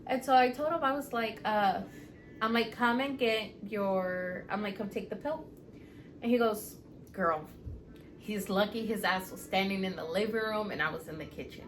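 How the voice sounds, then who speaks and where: A woman co-hosting a podcast, telling stories in casual chat, animated and profane, acting out quotes loudly. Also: mid-range voice, normal speed, a little hiss or hum. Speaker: podcast co-host.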